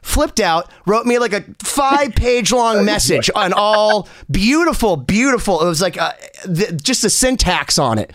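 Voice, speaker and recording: Podcast co-host, male, high voice, excitable storyteller who laughs through his lines, dry close sound. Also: unhurried, hardly any pauses, dry recording. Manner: excitable, laughs mid-sentence, acts out quotes. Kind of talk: animated storytelling in casual chat.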